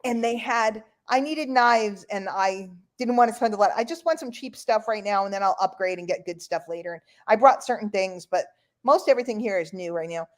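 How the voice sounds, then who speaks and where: A woman's voice: medium pitch, fairly quick. A woman from New York hosting an online call in casual, rambling chat. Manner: chatty, rambling, playful.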